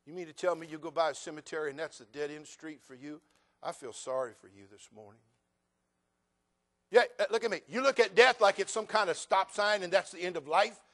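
A male pastor preaching a sermon, animated and humorous, acting out voices of people in his congregation. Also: a little high, a little fast.

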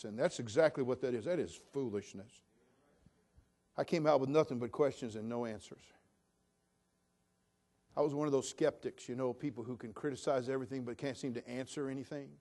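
A man in his sixties from California preaching a sermon, swinging between loud, emphatic build-ups and soft, low asides.

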